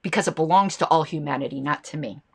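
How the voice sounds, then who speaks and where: A woman's voice: sits low, quick pace, slightly rough. A woman hosting a political commentary show, talking casually and reacting to viewer comments and ads. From United States.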